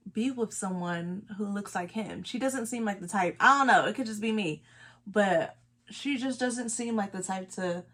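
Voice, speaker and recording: A woman's voice: medium pitch, fairly bright tone. A woman from Los Angeles, a beauty vlogger chatting casually while doing her makeup, emphatic and repeating her points. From Los Angeles, California.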